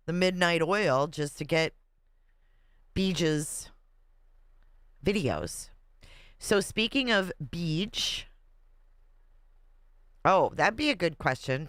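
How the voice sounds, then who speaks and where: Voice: medium pitch, fairly bright tone, clean tone, no room sound, clean studio sound. A livestream host chatting casually and reading viewer comments aloud, laughing often.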